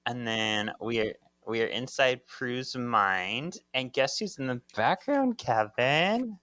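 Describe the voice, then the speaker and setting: A man's voice: mid-range voice, lively intonation, slow pace, pushed and bright, dry recording. A man co-hosting a podcast, telling the story of a comic casually and laughing along. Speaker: podcast co-host. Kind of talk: casual chat recapping a comic.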